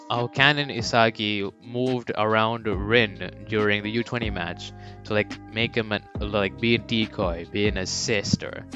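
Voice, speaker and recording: A young man casually narrating a fan-made sports story, rambling and swearing, with sudden high character voices. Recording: dull lo-fi mic with faint background music.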